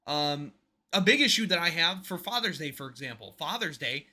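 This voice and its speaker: Bright, emphatic man ranting casually. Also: a little high, lively intonation, normal speed. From United States. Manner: emphatic, rambling, drops to a mutter at the ends of points. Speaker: podcast co-host. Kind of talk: casual opinionated chat.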